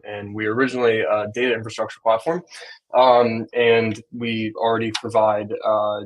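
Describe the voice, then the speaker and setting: A man's voice: on the low side, low-quality recording. A young man in his twenties presenting a tech product, hesitant, with lots of "um" fillers. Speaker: guest presenter. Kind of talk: casual technical presentation.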